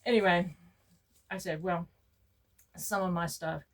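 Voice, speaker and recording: A woman's voice: steady tone, measured pace, rough recording. Chatty older woman. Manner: chatty storyteller, quotes herself in high bursts. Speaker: vlogger showing store purchases. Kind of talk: casual haul chat to camera.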